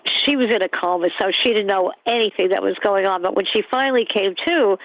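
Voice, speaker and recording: A woman's voice: mid-range voice, brisk, no room sound. Woman, phone-in caller, chatty, hesitant, muffled phone line, dry. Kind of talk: casual phone-in conversation.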